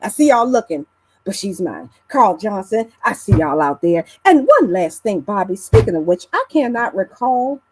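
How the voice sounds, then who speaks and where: On a live online panel, a woman chats casually in a teasing, blunt way, swearing now and then. She's animated, with big pitch swings at a moderate pace, and the rough recording has music in the background.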